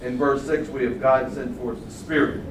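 An older man preaching a sermon, swinging from loud exclamations to quiet asides. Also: medium pitch, steady tone, moderate pace. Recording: roomy sound from far off the mic, faint hum.

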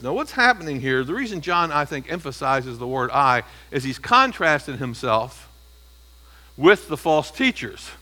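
A man's voice: medium pitch, pushed and bright, low-quality recording. A man preaching an expository sermon, emphatic and teaching, often asking the congregation questions. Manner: emphatic, stresses single words. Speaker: pastor.

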